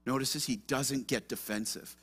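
A man's voice: medium pitch, normal speed, fairly bright tone, husky. A man pastor preaching an earnest sermon with emphatic rhetorical questions.

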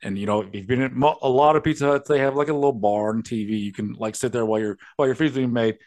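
A man's voice: mid-range voice, quick pace, darkish tone. A man hosting a podcast, ranting and telling stories in a casual, profane way. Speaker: podcast host.

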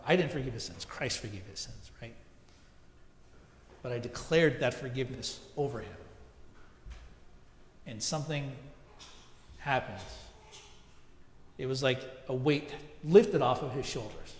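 Pastor preaching in an echoey church. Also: male voice, medium pitch, a little slow, pauses often, darkish tone, slight background noise. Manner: conversational storytelling with asides. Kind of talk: sermon.

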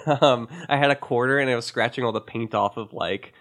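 A man co-hosting a podcast, chatting in a relaxed, rambling way. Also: mid-range voice, normal speed. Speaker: podcast co-host. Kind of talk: casual chat.

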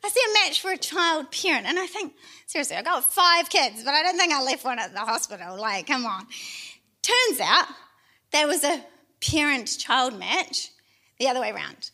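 A woman's voice: high-pitched, very animated, moderate pace, bright, forceful tone. A middle-aged woman pastor, telling a personal testimony in a chatty, self-deprecating way with laughing asides. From New Zealand.

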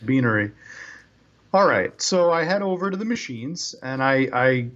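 A man's voice: medium pitch, lively intonation, normal speed, fairly bright tone. A man playing a tabletop game, joking and wry. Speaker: player. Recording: dull lo-fi mic.

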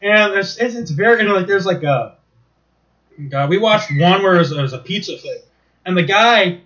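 A man chatting casually, telling rambling, profane, animated stories. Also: high-pitched, normal speed. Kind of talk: casual chat. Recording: dull lo-fi recording.

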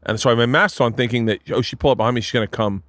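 Middle-aged male comic host, loose profane storyteller, mid-pitch, dry close mic. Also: rapid-fire, no room sound. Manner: profane, rambling, animated storyteller who acts out quotes. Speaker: podcast host and comedian. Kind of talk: casual storytelling chat.

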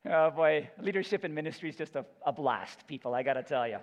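A man's voice: on the high side, expressive, moderate pace, pauses often. A man preaching a sermon as pastor, earnest and emphatic, often repeating words as he builds his point. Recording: echoey hall, dull lo-fi sound.

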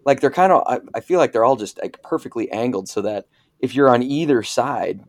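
A man's voice: mid-range voice, animated, brisk, no echo. A man co-hosting a casual talk show, joking and laughing easily. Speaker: podcast co-host. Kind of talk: casual chat.

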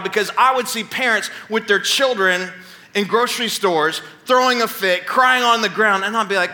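A pastor in his thirties preaches a Sunday sermon from a church stage, his high voice a little fast, pushed, and bright. He tells stories to the congregation, sprinkling in playful asides.

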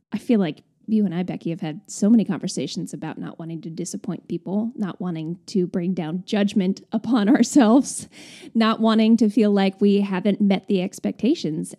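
A woman co-hosting a casual advice podcast, chatty and expressive, working through a topic with her co-host. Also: medium pitch, moderate pace. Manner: chatty and expressive, with laughs and sighs.

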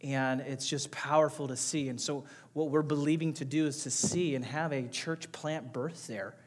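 A man's voice: fairly high pitch, fairly even intonation, moderate pace. Pastor addressing his congregation. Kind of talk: sermon remarks to a congregation. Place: church service.

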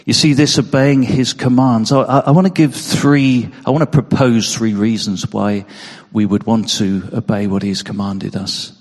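A man's voice: on the low side, fairly even intonation, normal speed, hardly any pauses, a little mellow. Earnest male preacher in a hall. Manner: earnest, repeats words when emphasising. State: emotional. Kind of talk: sermon.

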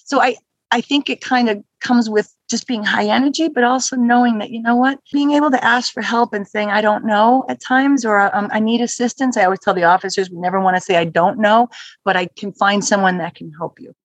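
A woman who manages hospital security, chatting as a podcast guest and telling stories with lively acted-out quotes. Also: medium pitch, fairly quick, dry recording, rough recording. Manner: lively storyteller who acts out quoted exchanges. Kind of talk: casual interview chat.

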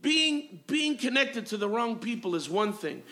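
High bright-voiced preaching man. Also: very animated, a little slow. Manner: preaching with frequent amens and hallelujahs, repetitive rhythmic phrasing. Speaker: pastor. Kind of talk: sermon. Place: church sanctuary.

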